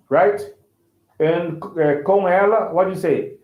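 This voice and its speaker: A man's voice: high-pitched, measured pace, pauses often. A man, teaching an online English class, who repeats and restarts phrases and keeps checking with "right?". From Brazil. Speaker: language teacher. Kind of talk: casual online lesson. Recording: echoey, tinny phone-like line.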